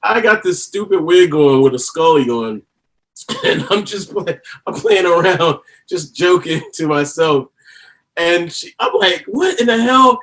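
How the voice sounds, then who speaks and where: A man telling stories as a podcast guest, animated and laughing often. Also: a little high, measured pace. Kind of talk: casual interview chat.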